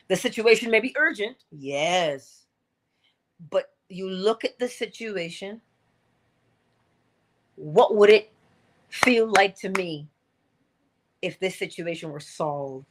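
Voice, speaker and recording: A woman's voice: medium pitch, animated, slow pace, long pauses. Earnest woman coaching her listeners. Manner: earnest, coaching, repeats key phrases. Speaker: inspirational speaker. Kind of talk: motivational livestream talk.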